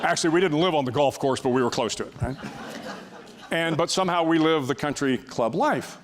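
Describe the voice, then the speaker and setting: A man's voice: fairly high pitch, a little fast, crowd noise. Older man telling a wry story. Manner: wry, self-deprecating storytelling with frequent restarts. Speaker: guest speaker. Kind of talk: storytelling talk before an audience.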